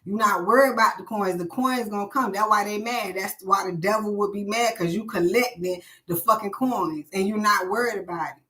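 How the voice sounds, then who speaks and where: A woman's voice: medium pitch, fairly quick, pushed and bright. A woman hosting a live stream, ranting bluntly and preachily with lots of swearing.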